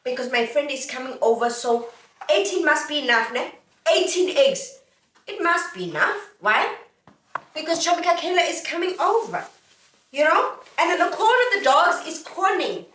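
A woman's voice: high-pitched, animated, normal speed, fairly bright tone, far from the mic. Playful South African woman in an echoey room. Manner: playful, sing-song, talks to viewers. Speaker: vlogger. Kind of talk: casual haul vlog. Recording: echoey room, a little off mic.

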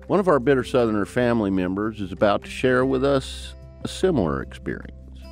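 A man's voice: medium pitch, very animated, a little fast, darkish tone. A man in his fifties with a Southern mountain twang, hosting and narrating a podcast in a storytelling way. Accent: Southern American mountain twang. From American South. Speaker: podcast host. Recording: dry studio voice with music underneath.

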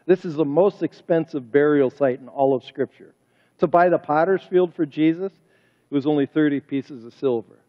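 A man's voice: a little high, moderate pace. A man preaching a sermon as pastor, talking emphatically and firing off rhetorical questions, recorded in a church sanctuary. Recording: reverberant hall, dull lo-fi sound.

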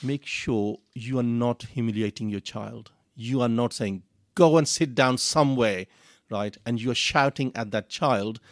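Brief: male radio co-host, gravelly mid voice, dry sound, halting and conversational. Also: mid-range voice, fairly even intonation, dry recording. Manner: halting, many fillers and restarts. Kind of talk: parenting advice talk.

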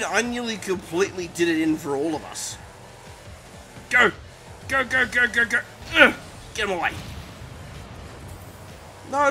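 A man giving excitable, self-mocking commentary over his own gameplay, exclaiming and groaning as it goes. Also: high voice. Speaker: gaming commentator.

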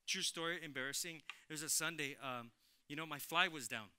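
A male pastor preaches with a high, very bright and forceful voice. He is animated, repeats his lines for emphasis and turns to the congregation again and again. The sound is dry and close. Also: brisk, clean tone, dry recording. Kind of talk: lively sermon. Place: church sanctuary.

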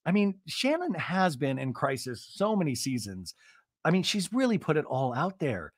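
A man's voice: on the high side, very animated, normal speed, breathy edge, no room sound, clean studio sound. Sarcastic, chatty male podcast host. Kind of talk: casual comedic recap commentary.

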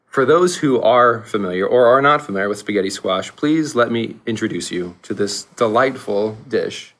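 A man co-hosting a casual podcast, animated, laughing often and restarting his sentences. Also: fairly low pitch, normal speed. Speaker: podcast co-host.

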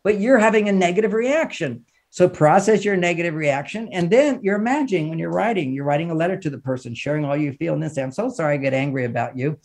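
A man's voice: high voice, expressive, fast, creaky, few pauses, a little mellow. A man, a relationship author and counselor, talking as a podcast guest in an emphatic, teacherly way, often laughing as he speaks. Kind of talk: podcast conversation, advice and explaining.

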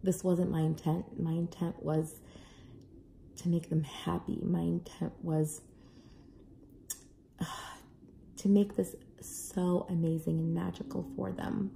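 A young adult mother casually telling a family story to camera, animated, acting out voices now and then. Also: fairly low pitch, slow pace, gravelly, pauses often, slight background noise. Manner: animated, acts out kids' and own voices. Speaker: parent vlogger.

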